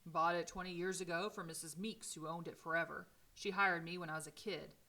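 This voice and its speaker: A woman voicing an energetic man of about seventy who owns a small-town newspaper, with a high-pitched voice and a folksy, blunt manner. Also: brisk. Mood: hearty.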